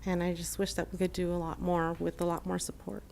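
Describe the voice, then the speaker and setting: A woman's voice: on the low side, little pitch movement, fairly quick, creaky, a little mellow, slight background noise. A woman giving an earnest, emotional public comment at a city council meeting, with many fillers and restarts. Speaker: shelter program manager giving public comment. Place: council chamber.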